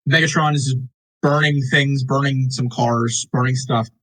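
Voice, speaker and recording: A young man co-hosting a movie review podcast, animated and sarcastic, swearing and acting out lines from the film. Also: mid-range voice, moderate pace, low-quality recording. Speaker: podcast co-host. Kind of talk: casual movie review chat. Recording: uneven audio in parts.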